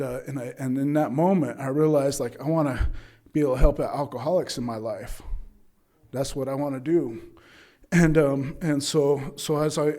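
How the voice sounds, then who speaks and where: A man's voice: mid-range voice, warm tone. A man from Utah giving a candid, rambling talk about his recovery at a meeting, checking in often with his listeners. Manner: candid, rambling, frequent "right?" and "you know". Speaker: AA meeting speaker. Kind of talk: personal recovery story told to an audience. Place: AA speaker meeting.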